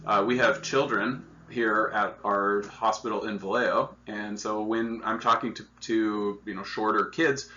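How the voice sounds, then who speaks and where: A man's voice: lowish voice, fairly even intonation, unhurried, few pauses, bright, forceful tone, muffled recording, slight background noise. A man teaching hospital staff in an earnest, explanatory lecture, often repeating himself as he works through each point. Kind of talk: instructional training lecture.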